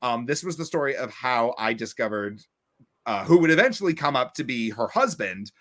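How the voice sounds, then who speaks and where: Lively, bright-voiced young man telling stories. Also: moderate pace. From Long Island, New York. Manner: animated, acts out friends' voices with big jumps in pitch. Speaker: podcast co-host. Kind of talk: casual storytelling chat. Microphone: remote podcast call.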